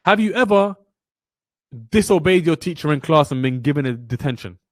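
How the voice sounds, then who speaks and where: A man's voice: fairly high pitch, expressive, normal speed, no echo. A young man teaching a trading webinar. He is blunt and preachy, speaks with passion and repeats lines for emphasis. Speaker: trading mentor. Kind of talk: motivational webinar lecture.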